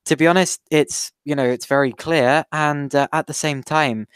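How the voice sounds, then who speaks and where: A man's voice: fairly high pitch, steady tone, normal speed, a bit bright, smooth, dry recording. A man co-hosting a casual podcast, arguing his point while thinking aloud. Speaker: podcast co-host. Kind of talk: casual opinion chat.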